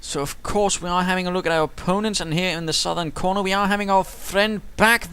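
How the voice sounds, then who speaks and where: A man's voice: high voice, steady tone, fairly quick, hardly any pauses, pushed and bright, clean tone. Playful man casting a replay. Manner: playful, theatrical, with whimsical asides. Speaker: caster. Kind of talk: strategy game replay commentary.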